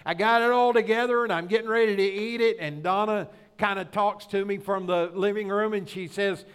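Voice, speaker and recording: Brisk and smooth, a middle-aged male pastor delivers a sermon with a personal story, his high-pitched voice a bit bright and his intonation fairly even. He preaches in a folksy, narrative style, regularly turning to the congregation with rhetorical questions to make his point.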